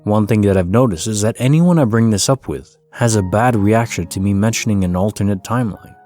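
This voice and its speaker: A man reading stories aloud in a calm, soothing, scripted way, like sleep-story narration. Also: fairly low pitch, fairly quick. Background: faint background music.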